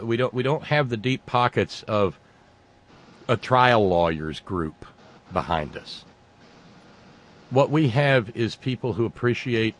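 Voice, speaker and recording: A man hosting a political talk show, speaking in a halting, sarcastic way with many restarts. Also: fairly low pitch. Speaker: talk radio host.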